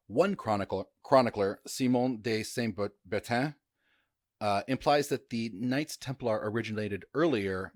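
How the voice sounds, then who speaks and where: Male podcast host, mid pitch, dry close-mic sound, chatty and joking, trips on names. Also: no room sound. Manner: chatty, jokey, stumbles over names with frequent fillers. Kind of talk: casual history podcast chat.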